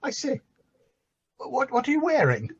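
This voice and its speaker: A husky, high, lively voice belongs to a tipsy, camp bishop who fusses and drops into scripture, as an actor plays him. The recording is dull and lo-fi. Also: male voice, measured pace, exaggerated voice. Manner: fussy, camp, quoting scripture. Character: tipsy, flirtatious middle-aged bishop. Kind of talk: comic stage play reading.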